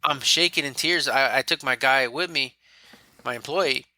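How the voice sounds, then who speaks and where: A man's voice: mid-range voice, moderate pace, no echo. A man speaking as a podcast guest, candidly telling his own story in casual talk and acting out what others said. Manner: candid, animated, quotes himself and others.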